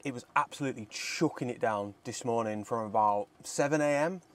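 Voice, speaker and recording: A man's voice: medium pitch, fairly quick. A young man, vlogging casually and enthusiastically outdoors by a lake, laughing often. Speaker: landscape photography vlogger. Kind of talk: casual vlog to camera.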